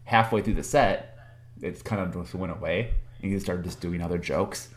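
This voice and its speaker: A man's voice: deep voice, moderate pace. A man telling a story in casual chat, hesitant and full of fillers. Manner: hesitant, many fillers and likes.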